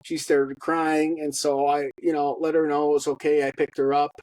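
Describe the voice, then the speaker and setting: Halting man telling a raw personal story. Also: on the high side, level tone, a little mellow, dry recording, rough recording. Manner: halting, with many fillers and blunt profanity. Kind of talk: personal testimony monologue.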